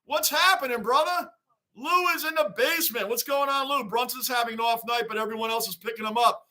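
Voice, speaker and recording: A man's voice: very high-pitched, a little fast, pushed and bright. A man hosting a casual sports livestream, chatting loosely, greeting viewers by name and repeating his points. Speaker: livestream host reading fan chat.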